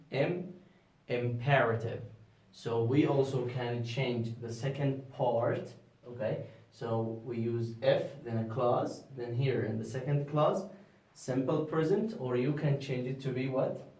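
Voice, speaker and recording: A man teaching an English grammar lesson to a class, speaking slowly and patiently, with Arabic as his first language, checking understanding with questions and repeating key words. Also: medium pitch, darkish tone, far from the mic. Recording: echoey room, voice from off-mic.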